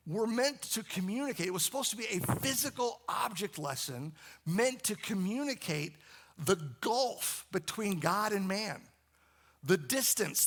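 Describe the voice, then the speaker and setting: A man's voice: high-pitched, a bit bright. A man preaching a sermon, repeating phrases and building emphasis as he goes. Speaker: pastor.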